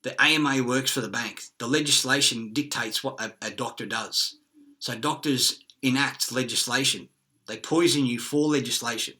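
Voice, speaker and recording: A man's voice: mid-range voice, moderate pace, sharp tone. A man with an Australian accent ranting in an agitated, profane, rambling monologue.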